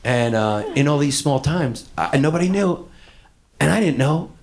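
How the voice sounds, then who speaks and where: A man doing a stand-up routine, loud and profane, jumping into shouted rants. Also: on the high side, animated, moderate pace, vocal fry. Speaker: stand-up comedian. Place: comedy club stage. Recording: live stage with crowd laughter and ambient noise.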